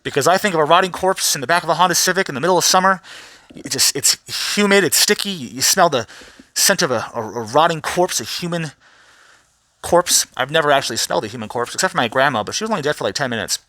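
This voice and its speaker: A man's voice: fairly high pitch, lively intonation, quick pace, sharp tone, no echo. A man vlogging a profane, rambling commentary rant with frequent restarts. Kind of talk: ranting commentary vlog.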